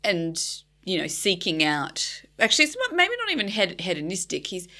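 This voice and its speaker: A woman's voice: lowish voice, wildly swooping pitch, normal speed, sharp tone. A woman co-hosting a book podcast, talking casually with lots of hedging and easy laughter. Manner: chatty, hedging with fillers, laughs readily. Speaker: podcast co-host.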